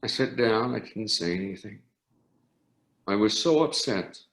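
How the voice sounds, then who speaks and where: An older man, an orchestra conductor, telling animated anecdotes in an interview with frequent restarts. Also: lowish voice, unhurried. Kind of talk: storytelling interview. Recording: roomy echo.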